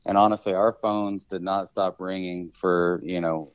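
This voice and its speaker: A man's voice: low voice, fairly even intonation, normal speed, smooth, no room sound, muffled recording. A man, an appraiser and auctioneer, explaining his work in a podcast interview, with many restarts and fillers.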